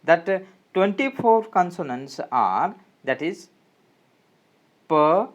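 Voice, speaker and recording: Slow, hesitant Indian English teacher. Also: male voice, on the high side, expressive, lo-fi sound. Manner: slow, hesitant, many fillers and restarts. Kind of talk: phonetics lesson.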